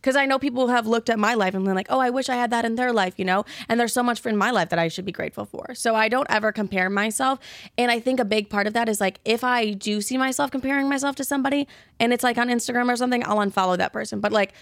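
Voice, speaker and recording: A woman's voice: a little high, fast, dry recording, studio quality. A woman in her twenties chatting candidly as a podcast host, blunt and rambling, swearing freely. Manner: blunt, swears freely, rambling self-talk with loud asides. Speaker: podcast host answering listener questions. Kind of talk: casual candid chat.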